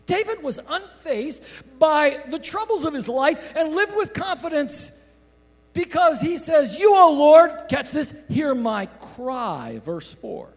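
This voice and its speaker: A male pastor with a very high voice preaches slowly and deliberately, letting his pitch leap and fall across a wide range. He shouts out some phrases and drops others to a near hush. The sound rings with the long reverb of a large church sanctuary. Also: very animated. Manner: impassioned preaching with sudden shouts and hushed drops; slow, drawn-out delivery. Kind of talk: sermon.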